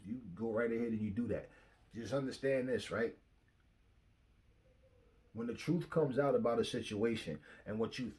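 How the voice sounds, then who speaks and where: A man's voice: medium pitch, a little mellow. A young man hosting his own channel, ranting to camera with a confrontational, profane delivery and frequent repetition. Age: young adult. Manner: confrontational, profane, repeats himself. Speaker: channel host. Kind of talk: heated rant to camera. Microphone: phone facing him.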